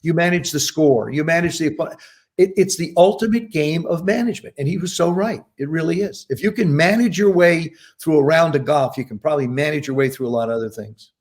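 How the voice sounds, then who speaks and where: A man's voice: fairly high pitch, a little fast. A man in his seventies from New Jersey, a podcast guest telling long anecdotes and acting out the people he quotes. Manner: anecdotal, acts out quoted voices with lively emphasis. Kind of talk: casual storytelling interview.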